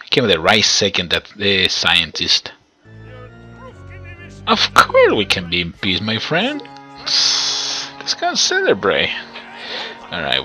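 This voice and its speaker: Husky low-voiced man commentating gameplay. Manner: excitable, talks to viewers, chuckles often. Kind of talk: let's play commentary.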